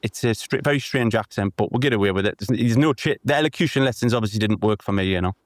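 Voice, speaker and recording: Geordie bloke rambling and joking on a podcast, lowish voice, dry close sound. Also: male voice, fast talker, no room sound. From North East England. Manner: chatty, jokey, loose rambling with restarts. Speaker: guest artist. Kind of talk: casual podcast chat.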